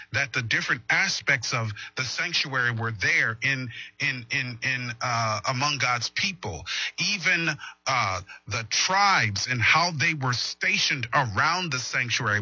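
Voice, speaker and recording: A man teaches a morning Bible lesson on a livestream, earnest and prone to repeating himself as he asks listeners questions. His voice is very bright with a husky edge. The recording is dry and a little dull. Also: medium pitch, no echo. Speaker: preacher.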